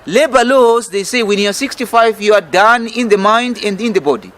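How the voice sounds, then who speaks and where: A man's voice: sits high, moderate pace, fairly bright tone. A middle-aged Zimbabwean man with a Zimbabwean accent, a political campaign leader giving a fiery, emphatic, rhetorical interview. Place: outdoor restaurant in city gardens.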